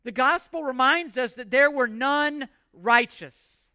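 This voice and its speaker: High, bright-voiced man preaching. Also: slow, dry recording, studio quality. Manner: emphatic, rhetorical questions, repeats words. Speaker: pastor. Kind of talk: sermon.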